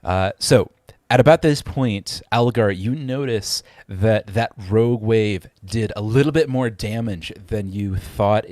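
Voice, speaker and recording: Low-voiced man running a tabletop game. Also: measured pace, a little mellow, no echo, clean studio sound. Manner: hesitant, many fillers and restarts. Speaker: game master.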